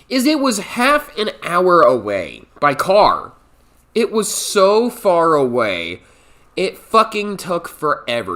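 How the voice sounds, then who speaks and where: Animated, bright-voiced young man telling a story. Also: a little high. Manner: animated, profane, acts out quoted voices. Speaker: storytime YouTuber. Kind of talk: comedic storytime monologue.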